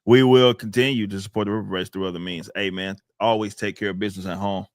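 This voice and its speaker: A man's voice: lowish voice, fairly even intonation, fast, dry recording, studio quality. A man hosting a casual podcast, laid-back and chatty as he reads out and thanks supporters. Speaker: podcast host reading donations.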